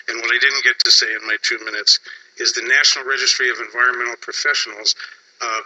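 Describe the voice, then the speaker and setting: A man giving earnest, urgent testimony at a public hearing, pausing now and then on fillers. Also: medium pitch, pushed and bright, poor audio.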